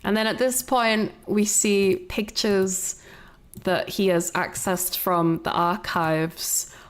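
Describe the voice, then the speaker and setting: A woman's voice: medium pitch, steady tone, slow, smooth. A woman streamer casually talking over a film, rambling, swearing and laughing as she goes. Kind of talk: casual reaction commentary.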